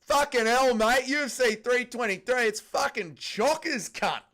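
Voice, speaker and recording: A man's voice: very high voice, measured pace, pitched above the performer's own voice, full character voice. A man putting on a brash, swearing fight promoter with an Australian accent, hyping an event. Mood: hyped. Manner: loud, crude, hyped.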